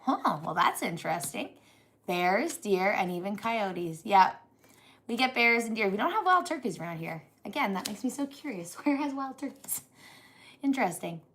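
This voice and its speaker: A woman from northern Canada co-hosting a casual homestead live stream, animated and laughing often with big swings in pitch. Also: normal speed. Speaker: co-host, homesteader wife.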